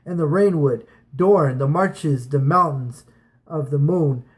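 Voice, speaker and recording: A boastful pirate king with a slightly high voice makes grand, sweeping proclamations to his captains, as a man reads him aloud. The lines come as an amateur audiobook reading. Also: takes it slowly, low-quality recording.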